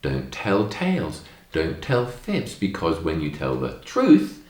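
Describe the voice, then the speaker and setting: A man telling stories to young children in a lesson, expressive and emphatic, acting out the lines in a story. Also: deep voice, slow, echoey room.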